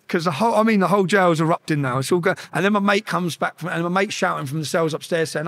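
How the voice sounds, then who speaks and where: Man telling a story as a podcast guest; quick, high, profane, restarts often. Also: a bit bright. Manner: swearing, restarts, acts out quoted exchanges. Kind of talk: animated storytelling.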